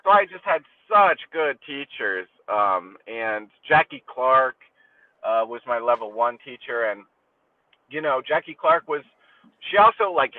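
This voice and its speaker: Male comic on a tinny call line, animated crude riffing. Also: medium pitch, measured pace, distant mic. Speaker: comedian. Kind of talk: casual podcast chat.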